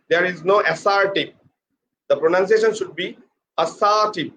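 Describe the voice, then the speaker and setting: A man teaching an English pronunciation lesson. He talks slowly, spells words out letter by letter and says each word several times. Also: sits high. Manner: slow, repeats words and spells them out letter by letter. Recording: slightly dull with faint background noise.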